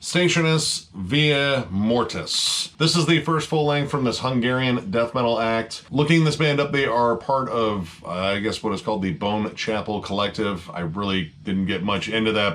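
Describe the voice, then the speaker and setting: A man reviewing heavy metal albums in a loose, rambling monologue. His voice sits a little low but has a bright, forceful edge. He leans on fillers and swears freely as his enthusiasm builds.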